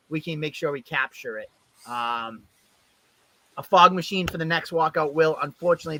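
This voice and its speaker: A man co-hosting a fight recap show, chatting casually in an animated, rambling way with plenty of fillers. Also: a little high. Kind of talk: casual chat.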